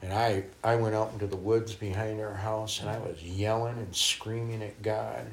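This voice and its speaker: A middle-aged man, a traveling minister, telling lively stories in a conversation and acting out the people he quotes. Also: fairly low pitch, moderate pace, vocal fry, a little hiss or hum. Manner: animated, laughing, acts out quoted voices. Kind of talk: storytelling in a conversation.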